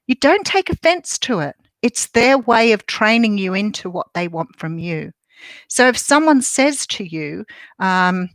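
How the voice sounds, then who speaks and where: A middle-aged woman with an Australian accent chats on a live stream and greets viewers by name between thoughts. Her voice sits at an ordinary middle pitch. The sound is dry and close, with no room around it. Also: a bit bright, no echo, poor audio. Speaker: livestream host. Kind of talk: casual live chat talking to viewers.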